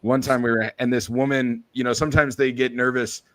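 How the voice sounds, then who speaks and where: Quick-talking man telling an anecdote. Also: medium pitch, flat delivery, a bit bright, no echo. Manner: quick, rambling anecdote delivery. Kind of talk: casual storytelling.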